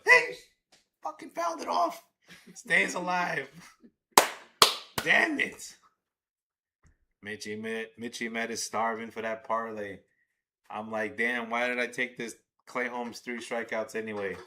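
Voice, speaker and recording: Bright-voiced excitable man streaming a game. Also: on the low side, normal speed, slight background noise. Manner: excitable, swears, talks to chat. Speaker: livestream host. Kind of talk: live watch-along commentary.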